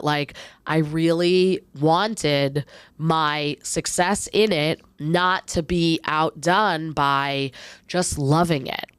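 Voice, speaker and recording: Podcast co-host, woman in her thirties, low and smooth, dry close sound, reflective chat. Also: no room sound. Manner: reflective, talks in long searching runs. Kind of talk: casual chat.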